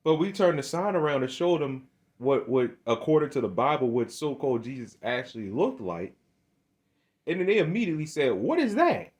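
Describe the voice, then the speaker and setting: A man's voice: expressive, brisk, darkish tone. Heated, emphatic man preaching. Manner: starts low and hesitant, grows heated and emphatic. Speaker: religious video speaker. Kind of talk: preaching monologue to camera.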